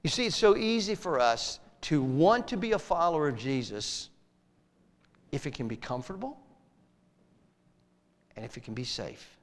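A male pastor preaching a sermon, swinging from emphatic lines to soft, near-whispered ones. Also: a little high, very animated, normal speed, pauses often, long reverb tail.

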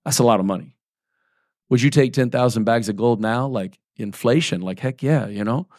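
A man's voice: mid-range voice, moderate pace, darkish tone, dry recording, studio quality. A man in his forties preaching a sermon as a pastor, talking in a loose, conversational way, often checking in with "right?" and "okay?", and reading scripture aloud between plain asides.

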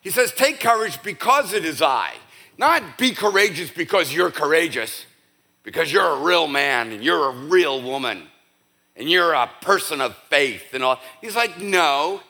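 A middle-aged male pastor delivers a sermon in a bright, slightly high voice. He talks in a conversational way, sinking to a near-hush and then climbing to emphatic peaks. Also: lively intonation, unhurried. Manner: conversational, swinging between hushed and emphatic. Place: church.

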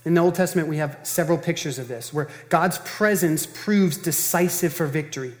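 A man's voice: on the high side, a little fast, in a large hall. A man preaching a sermon as pastor, earnest and emphatic, talking in a conversational way and repeating phrases for stress.

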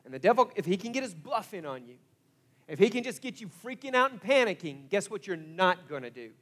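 A man preaching a sermon as pastor, telling stories in an animated way that swings from hushed asides to loud exclamations. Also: high-pitched, brisk.

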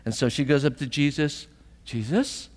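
A man's voice: medium pitch, measured pace, long reverb tail. A man preaching a sermon as pastor, earnest and emotional, often asking the congregation questions, at times tearful.

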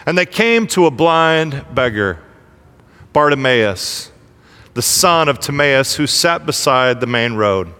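A man's voice: mid-range voice, sing-song, takes it slowly, pushed and bright, clean tone, in a large hall. A man preaching a sermon with energy, asking the congregation questions as he leads them through a reading. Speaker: pastor.

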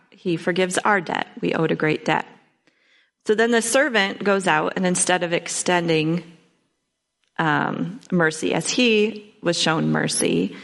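Gravelly-voiced woman giving a sermon. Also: on the low side, a bit bright. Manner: reads scripture then explains plainly with fillers. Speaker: lay speaker. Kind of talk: sermon with Bible reading.

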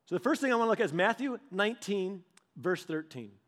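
Animated high-voiced man preaching casually. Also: brisk. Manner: animated, acts out quoted voices; conversational, with filler "like" and restarts. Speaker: pastor. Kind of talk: casual storytelling sermon.

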